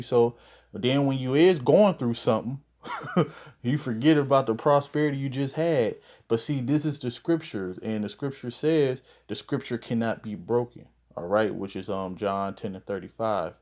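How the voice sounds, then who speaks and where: A man's voice: medium pitch, moderate pace, darkish tone. A man reads Bible verses aloud and explains them in a loose, conversational way, with mild swearing and plenty of fillers. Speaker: Bible teacher. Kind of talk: casual scripture teaching.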